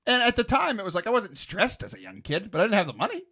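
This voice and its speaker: A man hosting a podcast in casual chat, animated and quick to laugh, often jumping up into high exclamations. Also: breathy edge. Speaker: podcast host.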